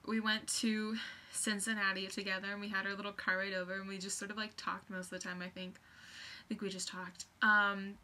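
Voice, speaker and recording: A young woman telling a story on her vlog, excitable and rambling, full of fillers and restarts. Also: medium pitch, fairly quick. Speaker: vlogger.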